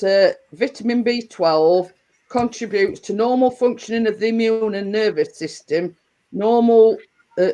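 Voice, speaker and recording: This is a woman hosting a casual live chat for her viewers. She talks slowly and rambles, circling back and restarting her sentences with plenty of fillers. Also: mid-range voice, poor audio. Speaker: livestream host.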